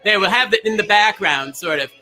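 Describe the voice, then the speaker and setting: A man's voice: high voice, lively intonation, fairly quick, over music. A man hosting a bingo livestream in a campy, gushing, teasing way. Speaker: host. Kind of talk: upbeat bingo livestream chat.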